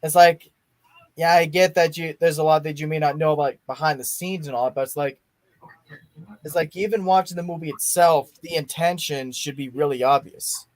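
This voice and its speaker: A young man chats through a movie watch-along in a rambling, eager way, often restarting his sentences. His voice sits a bit high. The sound is dry and close, with no room echo. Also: steady tone, moderate pace. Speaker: podcast host. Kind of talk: casual watch-along chat.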